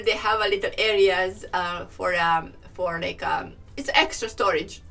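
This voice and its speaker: Chatty woman with a bright voice. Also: medium pitch, unhurried, far from the mic, faint music behind. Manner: chatty, laughs often, acts out quoted people. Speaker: vlogger, hair and wig specialist. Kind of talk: casual storytelling to camera.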